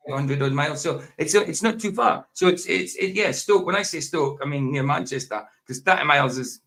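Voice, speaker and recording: Gravelly English male host, relaxed, chatty. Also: on the high side. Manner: relaxed, chatty, quick agreeing interjections. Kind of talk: casual online chat.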